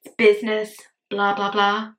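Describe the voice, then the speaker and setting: A woman's voice: mid-range voice, completely flat delivery, unhurried. A woman, hosting casual makeup commentary, swearing and exasperated, mocking herself. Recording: echoey room.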